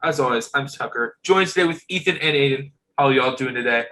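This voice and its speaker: Young guy hosting a chill podcast, bright sharp voice, upbeat, lots of uhs. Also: medium pitch, quick pace, a little hiss or hum, poor audio. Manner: upbeat, leads the show with fillers. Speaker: podcast host. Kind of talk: casual group chat.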